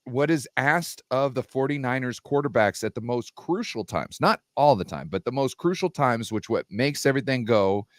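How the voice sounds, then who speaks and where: A man's voice: mid-range voice, expressive, moderate pace, few pauses, dry recording, studio quality. A man co-hosting a casual football debate livestream, making emphatic points and restarting his sentences as he argues. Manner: emphatic, repeats and restarts while arguing. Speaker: co-host, 49ers fan.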